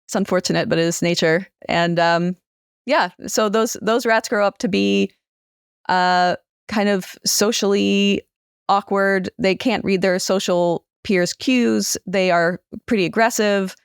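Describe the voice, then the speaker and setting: A woman neuroscientist explaining her research in a relaxed, casual interview chat. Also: medium pitch, unhurried, vocal fry, smooth, no room sound, clean studio sound. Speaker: neuroscientist guest.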